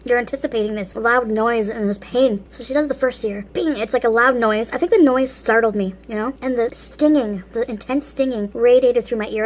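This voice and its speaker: Chatty, laughing woman with a high voice. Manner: chatty, laughs often between phrases; eats and talks with food in mouth. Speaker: vlog host. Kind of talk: casual story time while eating.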